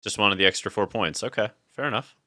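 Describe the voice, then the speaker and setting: A man with a low voice and a bright, forceful edge to it, talking through a card game match in loose, chatty banter. He reasons aloud, laughs often and keeps it relaxed. The sound is dry and close. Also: quick pace, dry recording. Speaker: streamer playing a card game. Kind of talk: casual gaming chat.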